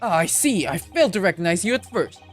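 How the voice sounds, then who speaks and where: Brief: woman doing a snooty, theatrical gentleman sleuth, formal and self-assured. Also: on the low side, expressive, fast talker, faint music behind, lightly acted. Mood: lofty. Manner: lofty, mannered formality. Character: pompous, eccentric gentleman detective. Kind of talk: reading a visual novel aloud.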